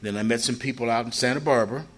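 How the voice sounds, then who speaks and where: Older man telling a rambling, animated story. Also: mid-range voice, racing, husky. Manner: animated, acts out quoted people with a raised voice; loose, rambling with frequent "you know" asides. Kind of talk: personal storytelling.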